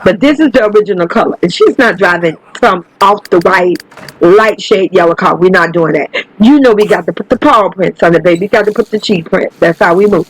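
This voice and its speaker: A woman with a medium-pitched voice hosts her own gaming channel, chatting casually through her life-simulation game, swearing freely and often addressing her viewers. The audio is poor, with no room sound.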